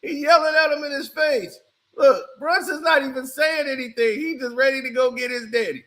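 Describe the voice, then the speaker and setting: A man doing casual, animated reaction commentary on a basketball clip, mocking and shouting as he reacts. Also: extremely high pitch, normal speed. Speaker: sports commentary streamer.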